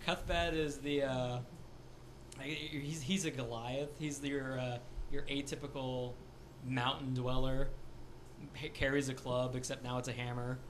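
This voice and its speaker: A man's voice: medium pitch, flat delivery, unhurried, slight background noise. A young man rambling in casual chat about a game he plays, laughing often. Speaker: tabletop game player.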